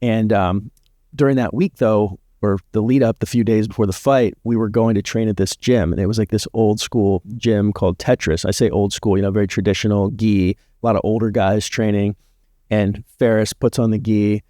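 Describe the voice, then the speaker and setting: A man's voice: lowish voice, moderate pace, no room sound, studio quality. A man guesting on a podcast, telling casual stories with many "like" fillers. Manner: relaxed storyteller with frequent "like" fillers. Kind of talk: casual storytelling chat.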